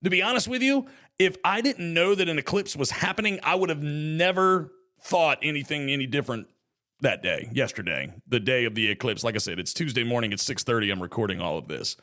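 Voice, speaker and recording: Male podcast host, bright tone, chatty solo talk with joking asides. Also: medium pitch, expressive, a little fast.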